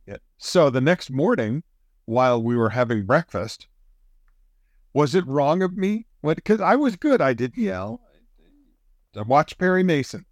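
A middle-aged man co-hosting a casual chat, telling a story in an animated way, chuckling often and jumping up in pitch for emphasis. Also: measured pace, pauses often, no room sound, clean studio sound. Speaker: podcast co-host.

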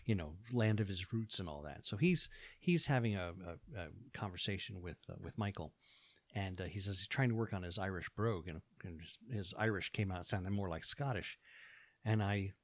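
An American man in easy conversation who tells stories and laughs often. His voice sits a bit low, and the mic is close and dry. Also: a little fast, dry recording. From United States. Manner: chatty storyteller, laughs often. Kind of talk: casual chat.

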